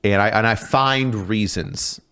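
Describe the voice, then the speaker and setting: A man in his thirties with a somewhat low voice tells an old army story on a podcast. He swears freely and gets animated as he acts out scenes. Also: measured pace, clean tone. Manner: animated, profane, acts out shouted exchanges. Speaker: podcast guest, former drill sergeant. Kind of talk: casual storytelling.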